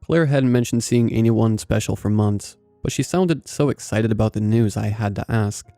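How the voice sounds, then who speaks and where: A man narrating a scripted first-person story in a measured, even way. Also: on the low side, dry recording, faint music behind.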